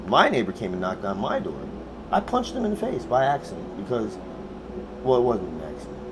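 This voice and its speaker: A man's voice: mid-range voice, brisk. Guy ranting a crazy story on his own show, swears a lot, voice jumps all over, noisy room behind him. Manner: profane, animated, swings from mumbling to shouting. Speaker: host. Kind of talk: casual storytelling monologue.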